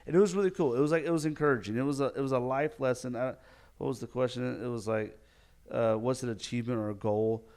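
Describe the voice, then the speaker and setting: A man hosting a casual solo podcast, animated and rambling, filling his talk with "like". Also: medium pitch, fast talker. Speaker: podcast host.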